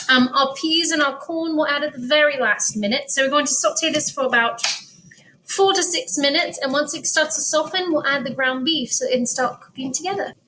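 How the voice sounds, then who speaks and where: A woman, a school choir director casually walking viewers through a recipe in a kitchen, chatty and quick to laugh. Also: high-pitched, background noise. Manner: chatty, laughs easily, plays along with banter. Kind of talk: casual cooking demonstration.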